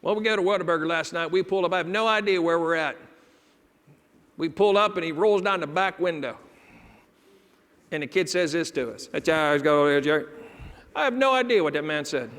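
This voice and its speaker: Speaking in a high, fairly quick voice with frequent pauses, a male keynote speaker tells funny stories to an audience and animatedly performs the voices of the people in them. The hall adds a long reverb.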